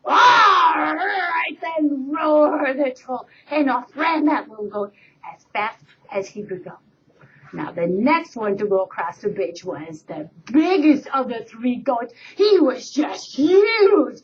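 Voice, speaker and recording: A woman teacher telling a fairy tale to her class in a lively storytelling manner, on a dull webcam recording. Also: a little high, measured pace, a little hiss or hum. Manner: lively storyteller, voices for effect.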